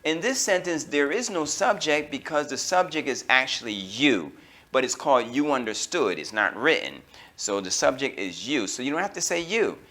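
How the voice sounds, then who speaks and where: An American man teaching an English grammar lesson, slowing down on key terms and filling pauses with okay and all right. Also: mid-range voice, animated, bright, forceful tone. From United States. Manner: slows down to stress key terms.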